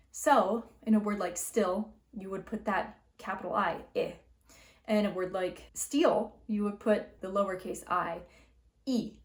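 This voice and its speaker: A woman's voice: medium pitch, echoey room. A young woman with a Canadian accent, hosting a casual explainer video and talking chattily with many fillers. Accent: Canadian English. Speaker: linguistics video host.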